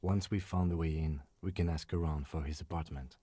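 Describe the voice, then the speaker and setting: Calm, methodical game detective. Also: male voice, very deep voice, a little fast. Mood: composed. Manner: level, matter-of-fact.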